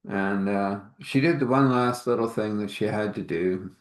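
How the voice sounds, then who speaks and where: Low-voiced man telling a homespun story. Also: moderate pace. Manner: rambling, homespun, filler-heavy. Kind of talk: informal spoken storytelling. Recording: echoey room.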